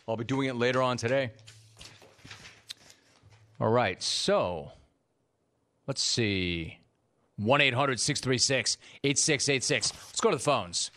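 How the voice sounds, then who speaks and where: A man's voice: medium pitch, slow pace, pauses often, pushed and bright. Man, sports radio host, mid-range voice, teasing, exasperated banter, call-in show. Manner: teasing, exasperated, ribbing his producer.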